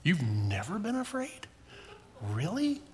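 A man's voice: on the high side, very animated, normal speed, a bit bright, a little hiss or hum. An older man giving a children's sermon, asking the kids questions as he tells the story. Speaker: pastor giving a children's message.

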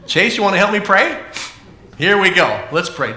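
Animated man giving a children's sermon. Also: on the high side, moderate pace, echoey room. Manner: animated, playful, asks children questions. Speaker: children's pastor.

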